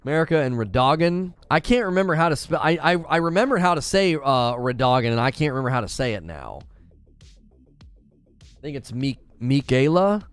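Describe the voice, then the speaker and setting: A man hosting a gaming channel, chatting casually with a live audience in an animated, ranting way and stumbling over hard names. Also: medium pitch, moderate pace, clear, resonant tone, dry recording, faint music behind. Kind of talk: casual live-stream chat, reading viewer comments.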